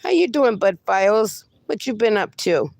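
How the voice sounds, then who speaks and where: A woman chats with her livestream viewers from a fenced yard, her voice carrying a gravelly rasp. She keeps breaking off to coo baby talk at her dogs. The sound is close and dry, with no room echo. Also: mid-range voice, big pitch swings, normal speed, a little mellow. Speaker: livestream host. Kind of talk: casual livestream chat.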